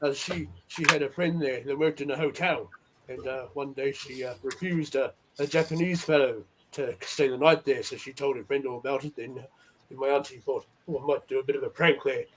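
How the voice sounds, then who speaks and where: A man chatting as a guest on a live stream, halting and full of fillers and repeated words. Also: mid-range voice, steady tone, background noise. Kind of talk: casual chat.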